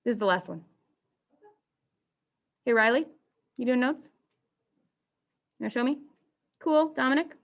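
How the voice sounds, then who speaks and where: A woman's voice: fairly high pitch, lively intonation, unhurried, gravelly, long pauses. A woman teaching a math class to students in the room and online, playful and teasing with mock-dramatic outbursts.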